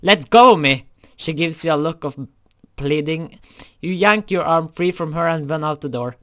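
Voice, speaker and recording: A man's voice: on the high side, normal speed, fairly bright tone. A young man reading a fan story aloud, often stumbling over words and correcting himself.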